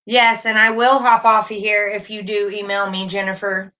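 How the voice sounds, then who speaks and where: Woman, middle-aged, livestream host, casual chat, reassuring, bright tone. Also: medium pitch, steady tone, moderate pace. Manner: warm, reassuring, reads chat aloud.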